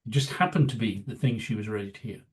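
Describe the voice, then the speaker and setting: A man's voice: lowish voice, quick pace. A man in his seventies, a veteran news executive, telling rambling career anecdotes in a casual interview, full of "you know" fillers. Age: 70s.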